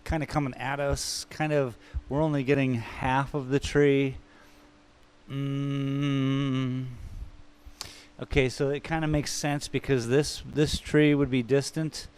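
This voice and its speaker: A man's voice: medium pitch, little pitch movement, slow pace, darkish tone, smooth. A man streaming live as he paints, thinking aloud in a rambling, self-mocking way and chatting with viewers. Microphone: microphone.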